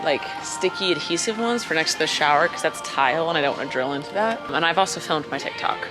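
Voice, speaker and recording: A woman's voice: low-pitched, expressive, fast, music in the background. A woman chatting casually to her camera in a rambling, self-mocking vlog as she goes about her errands. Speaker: vlogger. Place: at home and out on errands.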